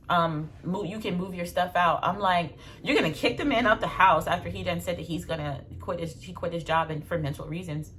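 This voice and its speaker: A young adult woman, telling stories in a blunt, animated casual vlog with slang and swearing. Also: fairly low pitch. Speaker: vlogger.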